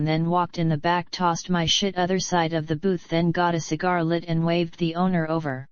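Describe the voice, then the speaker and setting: Low, smooth-voiced woman reading. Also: level tone, normal speed, few pauses, dry recording. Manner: blunt, profane, rambling. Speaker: audiobook reader and author. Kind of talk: first-person audiobook narration. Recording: slightly dull lo-fi recording.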